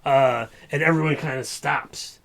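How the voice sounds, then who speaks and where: A man's voice: medium pitch, fairly even intonation, a little slow, fairly bright tone. A man running a tabletop game as game master, narrating the action in a chatty way with frequent laughs. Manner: chatty, laughing often, lots of filler.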